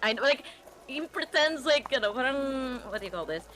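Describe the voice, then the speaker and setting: A woman playing a tabletop game, giggly and animated. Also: high-pitched, brisk, soft background music. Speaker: player.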